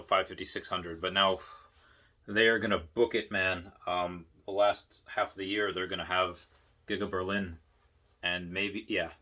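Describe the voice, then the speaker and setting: An excitable man talking casually on his own channel, his voice bright and forward. He rambles, restarts his sentences, and builds up steam as he goes. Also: lowish voice. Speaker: investing vlogger. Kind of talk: casual monologue.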